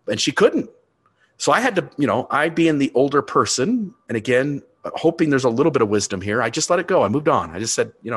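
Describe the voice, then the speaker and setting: A man in his fifties talks through a family story in relaxed podcast conversation. He sits at an everyday middle pitch, and he swings from calm reflection to heated, swearing outbursts. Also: fast talker, slightly rough. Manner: animated storyteller, rising and swearing when riled.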